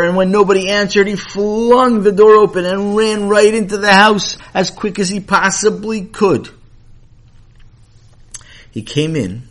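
A man telling a children's story with animated, playful narration and asides to the listener. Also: a little high.

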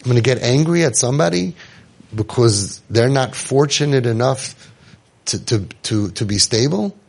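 A man's voice: medium pitch, lively intonation, normal speed, creaky. A man giving an inspirational talk to an audience, telling stories with jokes and acting out the people he quotes. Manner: joking, acts out quoted people. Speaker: inspirational speaker.

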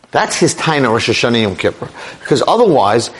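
A middle-aged male rabbi telling a dramatic story in a sermon, with animated delivery. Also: medium pitch, a little fast, slightly rough. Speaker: rabbi lecturer.

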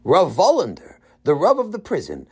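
A man voicing a bumbling adult man who thinks he is a great tzaddik, in a high, whiny, emotional voice. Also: huge pitch swings, normal speed, breathy edge, heavily acted. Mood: proud.

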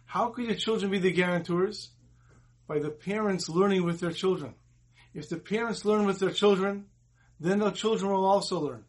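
Male rabbi, higher husky voice, earnest sermon with storytelling. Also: normal speed. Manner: earnest, retells dialogue in the story. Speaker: rabbi giving a Torah talk.

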